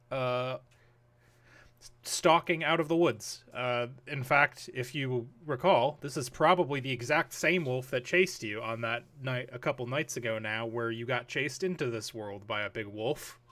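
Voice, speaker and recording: A man's voice: medium pitch, unhurried, fairly bright tone. A man narrating a tabletop role-playing game as game master, rambling with many fillers.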